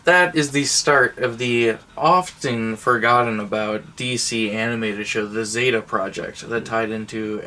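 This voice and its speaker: A man co-hosting a casual chat, making quick wisecracks while going over movies. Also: mid-range voice, steady tone, bright, forceful tone, slight background noise. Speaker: co-host.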